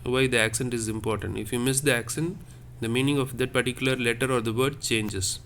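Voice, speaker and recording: A man's voice: mid-range voice, steady tone, fairly quick, fairly bright tone, a little hiss or hum. A man teaching a lesson on French accents, explaining patiently and repeating each point step by step.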